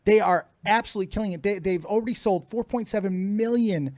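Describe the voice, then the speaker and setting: A man's voice: high-pitched, brisk, no room sound. A middle-aged man co-hosting a casual podcast, swearing freely and laughing often. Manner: profane, laughs often, excitable. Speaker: podcast co-host.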